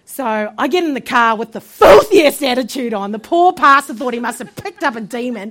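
A woman preacher telling a testimony from the pulpit, animated and laughing often as she acts out the voices in her story. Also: on the high side, fairly quick, few pauses.

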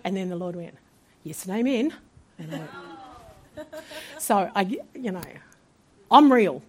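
A woman preacher telling a testimony from the pulpit, animated and laughing often as she acts out the voices in her story. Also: lowish voice, unhurried, a crowd in the background.

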